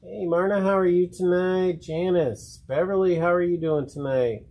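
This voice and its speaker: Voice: mid-range voice, fairly even intonation, moderate pace, a little mellow. A co-host of a live sewing show, reading out viewer names from the chat and greeting each one casually.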